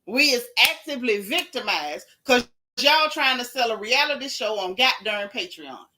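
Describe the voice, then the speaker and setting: A woman's voice: a little high, expressive, normal speed, pushed and bright. A woman hosting a livestream podcast, ranting in a casual, exasperated and emphatic way with dramatic repetition. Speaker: podcast host.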